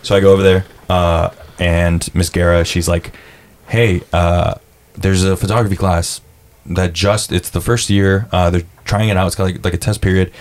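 A young man on a podcast as a guest chats casually in a laid-back, storytelling way, saying "dude" a lot and swearing while acting out what people said. His voice is low-pitched and flat at a moderate pace.

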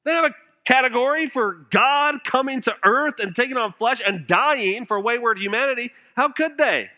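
Male pastor mid-sermon, high bright voice, earnest, lots of rhetorical questions, goes loud then quiet. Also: moderate pace. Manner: earnest preaching full of rhetorical questions, swinging from loud to hushed.

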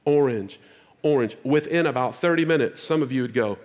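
A male pastor preaching a sermon, moving between casual asides to the congregation and loud exhortation. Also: mid-range voice, brisk.

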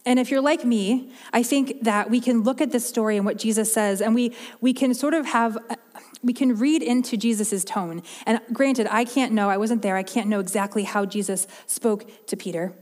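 A woman's voice: a little high, normal speed, darkish tone, big-room sound. A woman preaching a sermon in an earnest, heartfelt way, often restarting and repeating her words.

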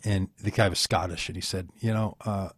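A man's voice: low voice, fairly even intonation, a little fast, slightly rough, no room sound. A man talking earnestly in an interview, rambling and telling stories with many restarts. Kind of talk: conversational interview.

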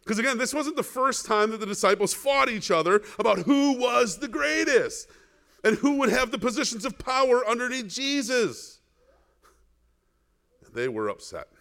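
A man's voice: very high-pitched, normal speed, vocal fry. A male pastor preaching a sermon, asking the congregation questions and acting out the people in the story. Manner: animated, rhetorical questions, acts out biblical characters.

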